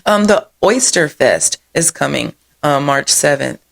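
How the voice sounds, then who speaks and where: A woman's voice: deep voice, animated, measured pace, creaky. A woman hosting a local events show, chatting casually through upcoming happenings with rambling side stories, frequent laughs and plenty of "y'all". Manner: rambling, digressive storytelling; says "y'all" often.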